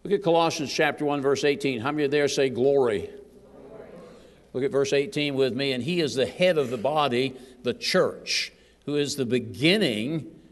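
A man's voice: medium pitch, moderate pace. A man preaches as a guest minister, bantering with the congregation and asking them for amens. His voice sits in the middle range. The sound rings with the long reverb of a church hall. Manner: lively, jokes with the congregation, calls for amens. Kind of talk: sermon. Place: church sanctuary.

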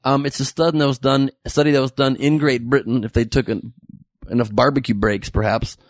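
A man's voice: medium pitch, steady tone, a little fast, no echo, clean studio sound. A man in casual chat, joking and teasing as a podcast co-host.

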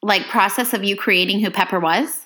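A woman's voice: medium pitch, moderate pace, sharp tone, rough recording. A woman podcast host asking questions and giving short, encouraging replies. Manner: supportive, brief encouraging replies. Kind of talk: casual interview chat.

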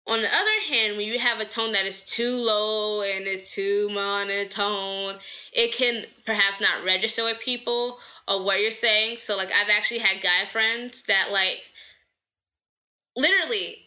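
A bubbly, energetic woman from the American South talks through advice on her podcast, her voice strikingly bright and crisp at the edges. She sits at a middling pitch for a woman. The recording sounds a little muffled and lo-fi. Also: measured pace. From Southern United States. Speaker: podcast host. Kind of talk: casual advice talk.

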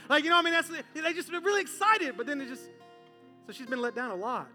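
A man's voice: very high-pitched, fast, faint music behind. A man preaching a sermon, telling a story with humor and acting out the people in it. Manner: animated storytelling, acting out characters with voices. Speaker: pastor.

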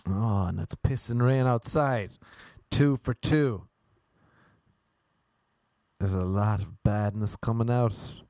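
A man's voice: lowish voice, slow pace, pauses often, a little mellow, dry recording. A young man doing a rambling comic monologue to camera, crude and joking, often stopping to restart his sentences. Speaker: vlogger.

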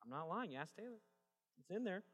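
A man's voice: high-pitched, very animated, fast talker, a bit bright. A young adult man preaching a sermon as pastor, moving from joking storytelling to emphatic preaching. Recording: long reverb of a large hall.

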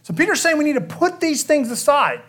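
A man's voice: very high-pitched, big pitch swings, fairly quick, a bit bright. A man pastor preaching a conversational expository sermon, often checking in with the congregation by asking "okay?".

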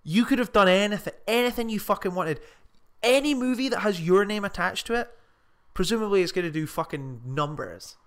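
A man co-hosting a podcast in casual, sweary, animated chat. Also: high voice, fairly quick. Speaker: podcast co-host.

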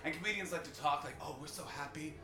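A Canadian man doing loud, swearing stand-up crowd work as the host of a live podcast show. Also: a little high, fast. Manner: loud, swearing, riffing with the audience. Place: small live comedy venue. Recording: roomy live room, distant mic, audience. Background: audience laughter.

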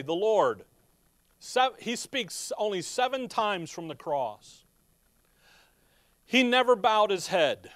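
A man preaching with a high, smooth, resonant voice, recorded close and dry. He rises from hushed asides to loud, urgent cries. He keeps breaking off to look up his scripture references. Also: no room sound. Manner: often breaks off mid-phrase to look up chapter and verse. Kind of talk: sermon.

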